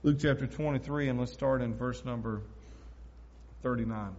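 A man preaching a sermon as pastor, emphatic, swinging between loud declarations and hushed asides. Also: mid-range voice, steady tone, normal speed. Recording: echoey hall, dull lo-fi sound.

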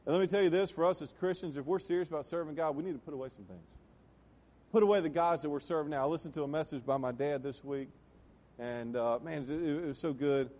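A middle-aged man preaching a sermon in a church, emphatic, swinging from loud exhortations to quiet asides. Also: on the high side, fast. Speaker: pastor. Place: church sanctuary. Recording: dull, reverberant church hall recording.

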